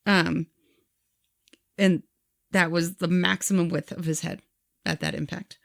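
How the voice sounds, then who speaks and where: In a fairly low, gravelly voice with a steady tone and slightly slow pace, this female podcast co-host relays another person's story during relaxed conversation. She tells it with animation, quoting the people in it directly. Studio quality, no echo.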